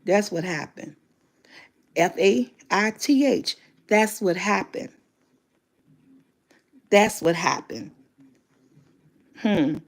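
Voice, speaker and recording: A woman's voice: mid-range voice, expressive, extremely slow, pauses often. A woman in her fifties giving casual motivational talk as a vlogger, candid and emphatic, swearing freely. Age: 50s.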